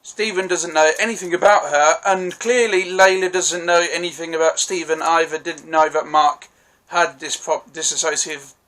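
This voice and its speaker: Man, somewhat high voice, casual vlog review, rambling, enthusiastic, self-correcting. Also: bright, forceful tone, poor audio. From United Kingdom. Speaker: TV review vlogger.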